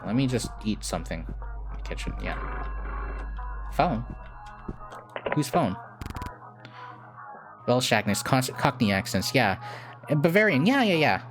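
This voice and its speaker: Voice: medium pitch, very animated, a little slow, long pauses. A streamer casually chatting to their chat while playing a horror game, with frequent giggles. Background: game music.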